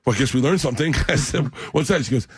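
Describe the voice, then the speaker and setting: A man's voice: medium pitch, fast talker, husky, dry recording. A man telling funny family stories as a comedian guest in a radio studio, laughing as he talks and acting out other people's voices. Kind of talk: storytelling on a radio show.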